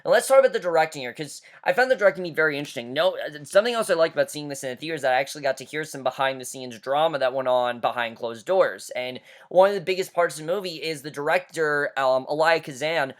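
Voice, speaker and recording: Fast-talking enthusiastic male movie reviewer. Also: a little high, animated. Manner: enthusiastic, rambling with frequent "you know" and "I mean". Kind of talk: casual spoken movie review.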